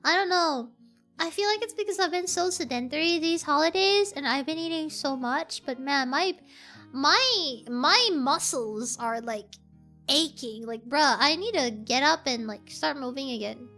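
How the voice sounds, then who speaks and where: A woman's voice: high-pitched, lively intonation, a little slow, bright, forceful tone. A young woman chatting casually with her livestream viewers, rambling with lots of fillers and giggles. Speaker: VTuber streamer. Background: faint background music.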